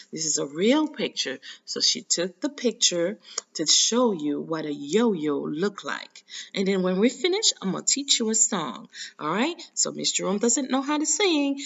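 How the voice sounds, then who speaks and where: A woman with a Haitian accent leads a children's phonics lesson. She talks slowly and drills each sound in a sing-song call-and-response. The recording is dull and lo-fi. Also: mid-range voice, gravelly. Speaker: teacher.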